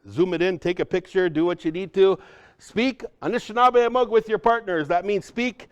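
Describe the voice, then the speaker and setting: A man presenting a language workshop to a live audience, telling stories with lots of "hey?" and "right?", dropping to a hush and then rising loud. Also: high-pitched, moderate pace, clear, resonant tone, muffled recording. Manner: animated storyteller, swings from hushed to loud, tag questions "hey?". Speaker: Ojibwe language teacher and presenter. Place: conference room.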